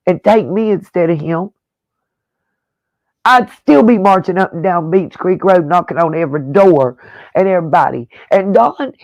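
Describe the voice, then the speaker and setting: A woman's voice: mid-range voice, vocal fry, darkish tone, dry recording, dull audio. A woman true-crime YouTuber delivering a blunt, profane, combative rant, full of pointed rhetorical questions. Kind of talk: angry on-camera rant.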